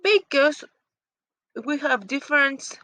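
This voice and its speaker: A woman whose first language is Spanish, explaining phonetics in halting English as she searches for words. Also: sits high, animated, bright, forceful tone, dry recording, low-quality recording.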